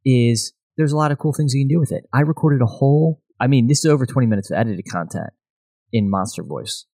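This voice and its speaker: A man hosting a podcast in casual chat, relaxed and saying "you know" often. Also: medium pitch, quick pace, no echo. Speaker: podcast host.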